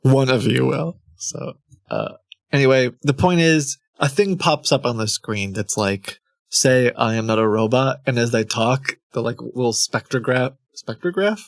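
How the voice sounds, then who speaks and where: A man streaming from home in a loose, rambling way, breaking off mid-thought and chuckling at his own fumbles. His voice sits at an ordinary middle pitch, close on the mic in a dry room with no echo. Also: unhurried, creaky. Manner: rambling, self-interrupting, laughs often. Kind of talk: casual live-stream chat.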